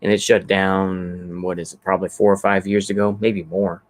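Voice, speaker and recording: A man with a drawl talks in a somewhat low voice, casually chatting on a livestream. He rambles in an easygoing way, thinking aloud with plenty of ums and restarts. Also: little pitch movement, moderate pace. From Texas. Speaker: channel host. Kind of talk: casual livestream chat reading comments.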